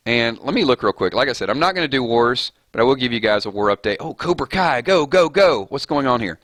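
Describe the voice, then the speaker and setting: Guy streaming a game, rambling and fired up, bright tense voice, dry sound. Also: medium pitch, expressive, fast talker, dry recording. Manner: fired-up, rambling, laughs often. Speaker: gaming streamer. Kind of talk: casual live-stream chat.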